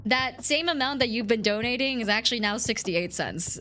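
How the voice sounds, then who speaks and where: A woman's voice: fairly high pitch, animated, brisk, few pauses, bright, forceful tone, faint music behind. A woman streamer chatting casually with her viewers, rambling and giggling as she answers chat.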